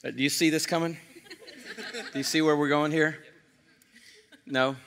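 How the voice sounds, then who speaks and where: Bright-voiced, animated male preacher. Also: fairly high pitch, moderate pace, slight background noise. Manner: animated storytelling, playing every part. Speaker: pastor. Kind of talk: sermon with acted-out story.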